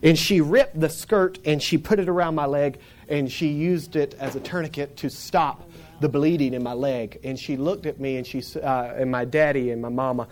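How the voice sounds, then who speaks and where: A man tells a story from his own life, full of energy and quick laughter, slipping into the voices of the people in it. His voice sits a little higher than most men's. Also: darkish tone, a little hiss or hum. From Florida panhandle, USA. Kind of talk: personal storytelling.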